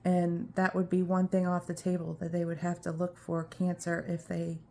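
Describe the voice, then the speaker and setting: A woman's voice: on the low side, monotone, normal speed, gravelly, hardly any pauses, warm tone, a little hiss or hum. A woman talking earnestly to her viewers in a personal video diary, a little out of breath, repeating herself for emphasis. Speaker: vlogger.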